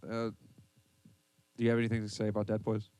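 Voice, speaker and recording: A man's voice: lowish voice, monotone, fast talker, darkish tone, clear, resonant tone, no echo. A man hosting a casual podcast, reading a list aloud and mocking it with swearing and laughter. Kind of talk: casual banter with heavy swearing.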